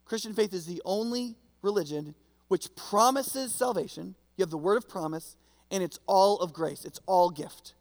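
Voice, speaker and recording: High-voiced preacher in a reverberant hall. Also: male voice, normal speed. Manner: conversational, storytelling, checks in with listeners. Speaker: pastor. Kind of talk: sermon.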